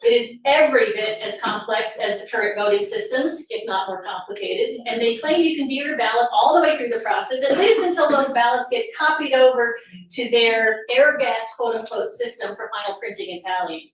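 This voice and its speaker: Speaking a little fast in a slightly high voice, this woman addresses an audience at a political summit, leaning on sarcasm and rhetorical questions. The meeting room is very echoey, the mic is distant, and there's a faint bit of noise.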